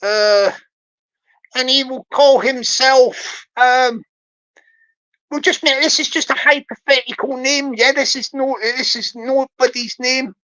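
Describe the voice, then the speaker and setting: A woman's voice: high voice, slow pace, a bit bright, highs cut off. A woman giving joking livestream commentary, rambling, repeating herself and laughing often. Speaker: livestream host.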